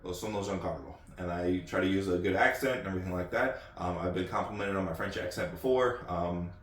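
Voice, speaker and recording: A man's voice: sits low, a little fast, a bit bright. A man from the United States hosting his channel, chatting off the cuff with lots of ums and restarts. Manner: rambling, many ums and repeated words. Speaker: channel host. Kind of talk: casual off-the-cuff talk. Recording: echoey room, distant mic.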